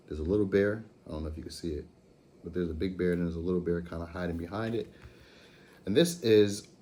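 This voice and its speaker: A man's voice: lowish voice, dark tone. A man hosting a casual pick-a-card tarot reading, chatty and laid-back with slangy talk, recording at home at night. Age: adult with a school-age daughter. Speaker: tarot reader, channel host.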